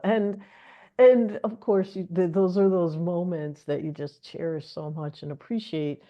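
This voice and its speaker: Lowish-voiced woman chatting about spirituality, animated and laughing, kinda dull lo-fi sound. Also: measured pace. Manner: animated storyteller, laughs often, acts out inner voices. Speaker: co-host of a spiritual wealth course. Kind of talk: casual spiritual chat.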